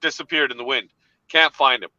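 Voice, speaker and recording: A man telling an animated story in a casual chat, laughing along as he goes. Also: medium pitch, brisk, no room sound, lo-fi sound.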